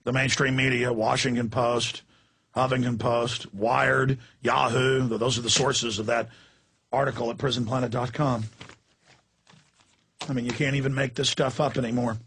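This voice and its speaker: Ranting radio host, bright and husky. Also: male voice, medium pitch, little pitch movement, normal speed. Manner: impassioned, ranting, shifts between yelling and hushed intensity. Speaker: radio talk show host. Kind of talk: ranting talk radio monologue.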